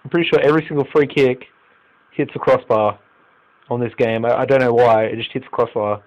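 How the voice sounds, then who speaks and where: A young Australian gaming YouTuber commentates live on a football management game at a brisk clip with fairly even intonation. He swings from muttering under his breath to loud, swearing exclamations, and the highs are cut off.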